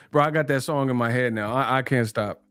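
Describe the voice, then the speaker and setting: A man's voice: medium pitch, moderate pace, a bit bright, dry recording, soft background music. Live streamer host, man, loose slangy banter, laughs a lot, dry close sound. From New Mexico, USA. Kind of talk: casual live stream chat reading donations.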